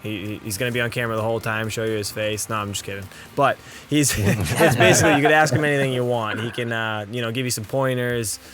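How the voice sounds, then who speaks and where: A man's voice: medium pitch, steady tone, fast talker, few pauses, over music. A man co-hosting a live stream, talking in a loose, rambling and enthusiastic way. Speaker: co-host. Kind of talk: casual live stream chat.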